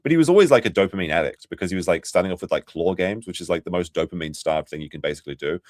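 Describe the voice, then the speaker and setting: A man's voice: sits low, animated, very fast, few pauses, no room sound, studio quality. A man hosting a casual commentary stream, ranting and swearing freely. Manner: profane, ranting. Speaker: stream host.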